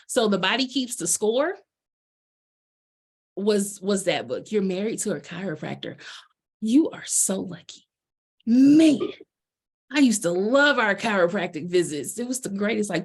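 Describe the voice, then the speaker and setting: A woman's voice: medium pitch, animated, normal speed. Bubbly woman life coach, chatty and loose, casual delivery. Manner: chatty, bubbly, lots of fillers. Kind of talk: casual presentation chat.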